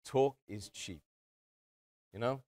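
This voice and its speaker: A man's voice: mid-range voice, slow pace, mellow. Earnest man giving a community talk. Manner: earnest, addresses audience as brothers and sisters. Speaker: speaker addressing a community. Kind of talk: motivational talk.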